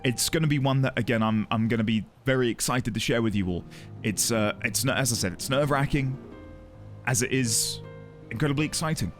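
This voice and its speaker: A man's voice: mid-range voice, brisk, faint music behind. A man streaming live, chatting earnestly and emotionally with his audience and greeting viewers by name. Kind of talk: casual chat with a live audience.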